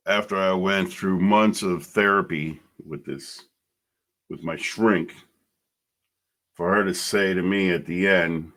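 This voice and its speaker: A man's voice: low voice, steady tone, slow, fairly bright tone. A middle-aged man hosting a podcast, telling his own story bluntly and emotionally, swearing freely. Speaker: podcast host. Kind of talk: personal storytelling monologue.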